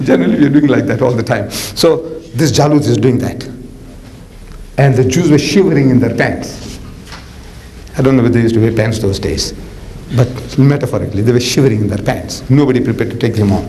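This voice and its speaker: A man's voice: mid-range voice, a little fast, warm tone, a little hiss or hum, low-quality recording. A man in his seventies with a South African accent, preaching in a colloquial, theatrical storytelling style, sprinkling in "man" and "you know". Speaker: Islamic preacher. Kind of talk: animated storytelling lecture.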